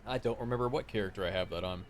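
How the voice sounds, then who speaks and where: A man casting a live esports match with animated, rambling play-by-play commentary. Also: lowish voice, racing. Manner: rambling, animated, many fillers and restarts. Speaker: esports caster. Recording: loud background noise.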